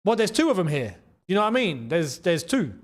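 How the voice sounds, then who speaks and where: A man hosting a live football watchalong, excitable and chatty, repeating his phrases and laughing often. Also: high voice, fairly quick. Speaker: host.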